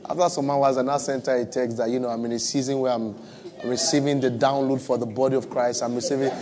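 A man's voice: mid-range voice, flat delivery, quick pace, a crowd in the background, background noise. A man with a West African accent preaching a sermon to a church audience, conversational and humorous, repeating his phrases for emphasis. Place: church with live and online audience.

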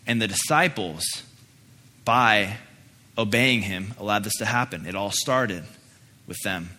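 Earnest young male pastor, low-pitched and bright-toned, preaching in a reverberant hall. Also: steady tone, unhurried. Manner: earnest, with frequent emphatic repeats. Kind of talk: sermon with personal story and prayer. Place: church sanctuary. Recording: echoey hall, faint noise.

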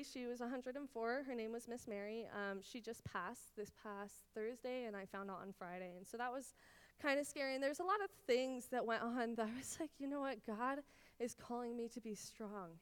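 A woman's voice: a little high, a little fast, smooth, big-room sound. A woman in her twenties from Israel, teaching a Bible study in an earnest, personal way with lots of "like"s. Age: 20s. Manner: earnest and personal, many "like"s, emotional at times.

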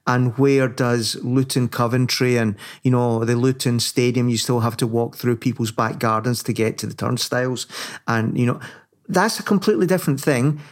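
A man from northern England talking in a relaxed co-host chat. He gets animated as he goes, laughs often and restarts his sentences as he thinks aloud. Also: medium pitch, moderate pace. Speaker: podcast co-host. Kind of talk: casual conversation.

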